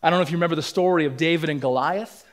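Male pastor, slightly higher voice, earnest sermon delivery with rising emphasis. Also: racing. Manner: earnest, building emphasis, acts out quoted lines. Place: church sanctuary.

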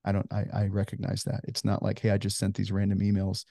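Earnest founder in his forties: low, dry, close voice, chatty interview storytelling. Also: completely flat delivery, quick pace, gravelly, warm tone, no echo. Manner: earnest storyteller, heavy on "you know" fillers. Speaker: ministry founder, guest.

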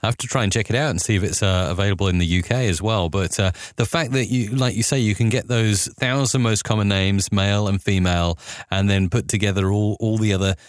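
A man's voice: lowish voice, fairly quick, dry recording, studio quality. A man hosting an interview, reacting with eager, effusive enthusiasm. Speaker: podcast host. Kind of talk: casual interview chat.

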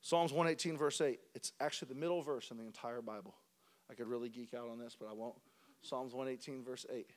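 A male pastor preaching a sermon, moving from quiet, rapid lists of short phrases to loud, sing-song preaching. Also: medium pitch, fairly even intonation.

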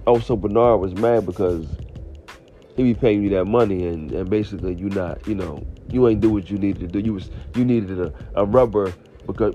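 A man telling a comedic story on a podcast, ranting in an animated, incredulous, profane way, with slightly muffled audio and faint music. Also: fairly low pitch, fairly quick. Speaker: podcast host.

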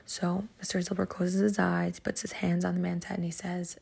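A woman's voice: on the low side, flat delivery, normal speed, gravelly, few pauses, darkish tone, husky. A woman hosting a podcast lesson, telling a story in a chatty, casual way full of "like" and "um.". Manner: chatty, filler-heavy, lots of "like" and "um". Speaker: podcast host teaching Psalms.

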